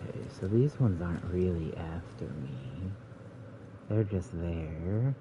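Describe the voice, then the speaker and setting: A man with a low, deep voice talks through a video game in a relaxed, rambling way, thinking aloud as he plays. The recording is dull and lo-fi, with a faint hiss underneath. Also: slow pace. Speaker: let's play gamer. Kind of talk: casual gameplay commentary.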